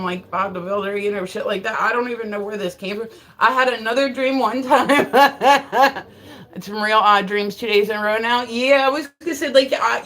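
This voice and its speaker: A woman's voice: mid-range voice, fairly bright tone, rough recording. Profane, laughing woman livestreamer. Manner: profane, rambling storyteller; laughs often mid-sentence. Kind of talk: casual livestream chat.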